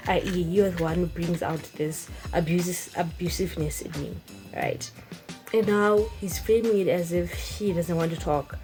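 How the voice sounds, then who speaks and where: Animated woman vlogger. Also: fairly low pitch, rough recording. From Zimbabwe. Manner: animated, expressive, emphatic. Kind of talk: casual vlog chat.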